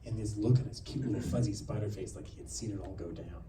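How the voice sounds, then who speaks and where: A man doing a stand-up set, telling stories in an animated way and acting out other people's voices. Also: lowish voice, quick pace, recorded from a distance. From New Mexico. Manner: animated storytelling with acted-out voices. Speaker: stand-up comedian. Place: theater stage with audience laughter. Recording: roomy theater sound from afar, audience noise.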